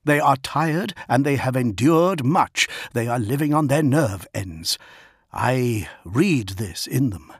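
A man's voice: mid-range voice, expressive, takes it slowly, slight background noise. A man voicing an earnest male adviser who speaks in an urgent, pleading way.

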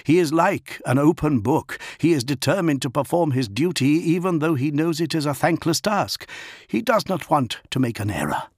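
A man's voice: a little high, animated, moderate pace, breathy edge, no echo, clean studio sound, voice pushed up. A man voicing an earnest male adviser who speaks in an urgent, pleading way.

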